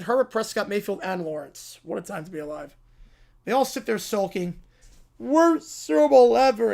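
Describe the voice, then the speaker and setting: A man voicing a sulking, whining Canadian brat in a comic skit, loud and drawn out. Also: very high-pitched, creaky, full character voice. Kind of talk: reading a viewer prompt as a skit.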